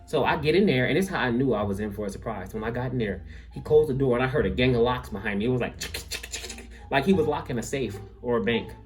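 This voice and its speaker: A young man telling a comic story from his school days, full of "like" and quick asides. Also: medium pitch, faint music behind. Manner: animated, filler-heavy, lots of "like". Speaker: vlogger.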